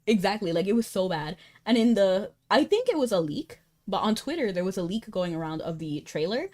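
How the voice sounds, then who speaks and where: A woman's voice: mid-range voice, expressive, a little fast, darkish tone. A young woman streaming a game, chatting casually and animatedly, breaking into laughter and incredulous outbursts. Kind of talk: casual livestream chat while gaming.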